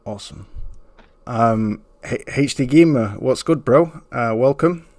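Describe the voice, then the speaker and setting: A man's voice: medium pitch, a little slow, darkish tone, no echo. Casting: male podcast host, easygoing and chummy, dry close-mic sound. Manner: laid-back, friendly, calls people bro. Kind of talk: casual podcast chat.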